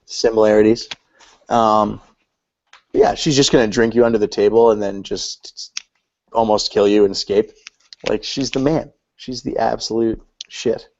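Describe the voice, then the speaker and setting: Here a young podcast co-host talks about movies in an unhurried, fairly low voice with darkish tone and fairly even intonation. His casual film chat is slangy and loose, and he keeps saying "dude." The recording has a dull, lo-fi podcast quality.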